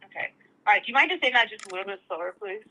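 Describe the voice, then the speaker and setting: A woman's voice: on the high side, big pitch swings, gravelly, bright, forceful tone. A woman working as a tech support agent on a call, chatty and loose with filler words. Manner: quick, chatty, full of "like" and "I mean". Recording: dull lo-fi phone line.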